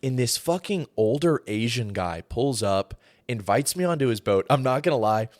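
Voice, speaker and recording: A young man from Georgia co-hosting a podcast, telling animated, profane stories in casual chat and acting out what people said. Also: medium pitch, moderate pace, no room sound. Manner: animated, profane, acts out quoted voices. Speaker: podcast co-host.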